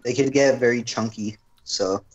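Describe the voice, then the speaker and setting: A man's voice: medium pitch, moderate pace, highs cut off. A young man chatting casually at home, telling a long rambling story and saying "freaking" a lot. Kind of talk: casual chat.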